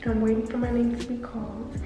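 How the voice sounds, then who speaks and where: A woman's voice: on the high side, level tone, quick pace, lo-fi sound, over music. Chatty young woman vlogger, echoey. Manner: chatty, talks straight to the camera with filler words. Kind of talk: casual vlog chat to viewers.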